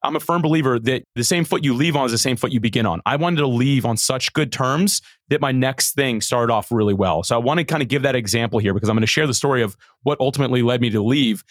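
Man, middle-aged, podcast guest, quick talker, earnest, animated storytelling, dry close sound. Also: medium pitch, no echo. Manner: animated, earnest, frequent repeated starts. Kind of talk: conversational storytelling.

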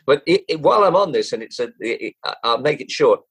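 Gravelly older man telling lively anecdotes. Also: medium pitch, fast talker, low-quality recording. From England. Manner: lively, acts out quoted voices, chuckles, restarts often. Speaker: guest, former jockey and racing broadcaster. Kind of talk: anecdotal storytelling.

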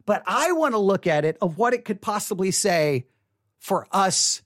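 A music commentator talking casually on a video, animated and chatty, acting out their own reactions with lots of filler words. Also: medium pitch, moderate pace, dry recording, clean studio sound.

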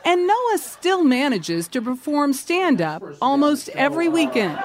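A woman narrating a news feature as correspondent, with a measured storytelling delivery. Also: high voice, big pitch swings.

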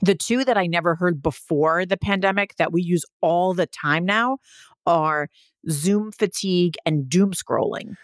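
A woman's voice: fairly low pitch, measured pace, no room sound. Chatty woman cohost, laughs a lot, dry close sound. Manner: chatty, laughs often, animated asides. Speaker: podcast co-host. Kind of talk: casual chat.

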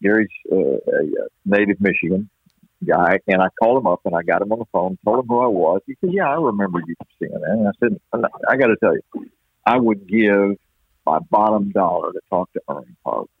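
A man from East Texas, a baseball play-by-play announcer, telling stories in a folksy, unhurried way with many restarts, heard over a phone line. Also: on the low side, expressive, slightly rough, dry recording. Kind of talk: storytelling interview chat. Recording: dry tinny phone-line sound.

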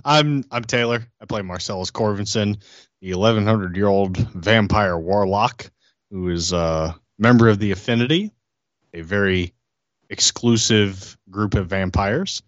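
A man playing in a tabletop game podcast, relaxed and jokey. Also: on the low side, unhurried, dry recording. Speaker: player. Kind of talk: casual tabletop game chat. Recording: dull dry home mic.

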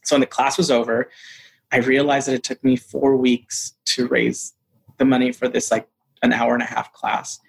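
Guy telling a story in an interview, mid pitch, keeps jumping into other voices for quotes. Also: moderate pace, gravelly, husky. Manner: animated, acts out quotes in a higher voice. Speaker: interview guest.

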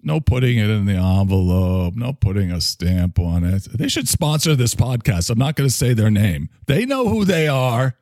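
In an improvised comedy bit, a man plays a rambling, low-voiced character who calls himself messy and imperfect. He philosophizes with halting restarts, very animated, in a darkish tone. The recording is dry and studio quality.

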